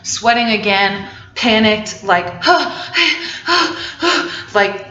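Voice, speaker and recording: A woman's voice: mid-range voice, a little slow, fairly bright tone. A young woman telling a personal story casually, chatty and full of "like" fillers. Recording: roomy, slightly dull recording.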